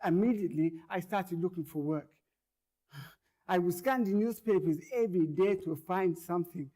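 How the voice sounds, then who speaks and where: A man's voice: high voice, moderate pace. A man performing a first-person monologue, telling his story earnestly and repeating words as it grows tense. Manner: earnest, repeats words and phrases, grows louder as tension builds.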